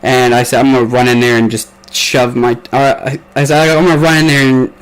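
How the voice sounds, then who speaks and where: A man's voice: mid-range voice, flat delivery, fairly quick, clear, resonant tone, low-quality recording. A young man from the Midwest, hosting a casual podcast chat, rambling along with lots of swearing and laughter. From American Midwest. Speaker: podcast host.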